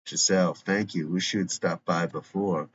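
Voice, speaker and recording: Kind, fussing mom, read by a man, very deep voice, dull sound. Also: fairly even intonation, normal speed, lightly acted. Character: fussy, kind middle-aged mother. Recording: dull lo-fi recording with faint hiss.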